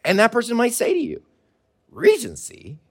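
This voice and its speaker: A man, a pastor, preaching a sermon to his congregation in a relaxed, conversational way with light laughter. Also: on the high side, normal speed. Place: church service held in a mall.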